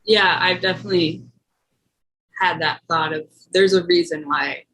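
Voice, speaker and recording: A woman's voice: lowish voice, steady tone, normal speed, fairly bright tone, slight background noise, low-quality recording. A woman talking hesitantly in casual chat, with frequent fillers.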